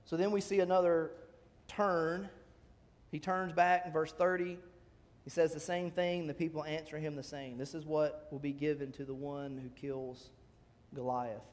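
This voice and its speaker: Animated preacher in a reverberant hall. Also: male voice, fairly high pitch, moderate pace. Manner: animated, acts out quoted lines in a raised voice; conversational asides between scripture readings. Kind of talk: sermon.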